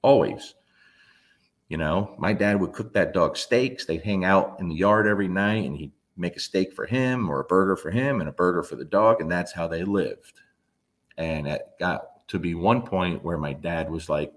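A man's voice: deep voice, normal speed. A man in his fifties, a dog trainer, telling a story in a blunt, emphatic way and swearing freely. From New Jersey. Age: 50s. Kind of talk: casual storytelling monologue.

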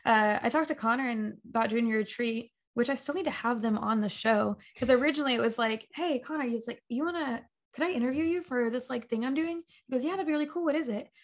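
In a relaxed interview, a young woman who created a talk show appears as a guest, telling her story in a fairly high voice. She's an animated storyteller who acts out the voices of the people she quotes, laughing often amid plenty of fillers. Her chat is loose and bubbly, moving at a quick pace with few pauses.

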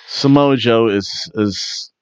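A mid-range, resonant male voice speaks slowly and clearly as he hosts a wrestling review podcast. His delivery is jokey and rambling, heavy on fillers and restarts, in a dry, dull-sounding recording.

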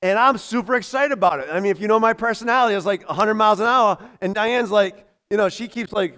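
A middle-aged man preaching a sermon in a church, animated, often laughing and acting out other people's voices. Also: high-pitched, quick pace, hardly any pauses. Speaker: pastor.

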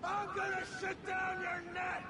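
A hostile street gang member from a video game, yelling threats in the middle of a firefight. His voice sits very high and grates with fry. He drags his words out slowly and sounds bright and strained. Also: monotone, a little hiss or hum, heavily acted. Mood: aggressive.

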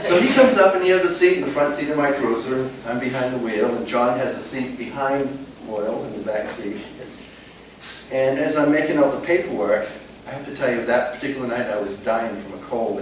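An older man spinning funny police yarns for a crowd, animated and chuckling between lines. He sounds far from the mic in a big, reverberant meeting hall, with a clear hum of room noise underneath. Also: mid-range voice. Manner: lively, laughing while telling anecdotes. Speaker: retired police officer, guest speaker. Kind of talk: humorous storytelling to an audience.

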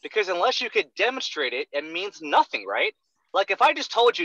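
Very high-pitched and pushed, this young man's bright voice swings widely as he talks fast, coaching a sales trainee one-on-one. Blunt and profane, he keeps asking "right?", and the dry recording sounds dull and lo-fi.

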